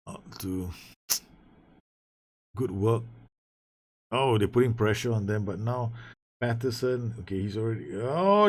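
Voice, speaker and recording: A man's voice: on the low side, a little mellow. A man giving casual commentary on a football management game, talking to his players, swearing and laughing as the match swings. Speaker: gaming YouTuber. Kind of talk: casual Let's Play commentary.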